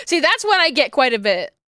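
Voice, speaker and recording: High-voiced giggly woman streamer. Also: sing-song, normal speed, pushed and bright, dry recording, clean studio sound. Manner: rambling, giggly, searches for words. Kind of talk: casual chat with viewers.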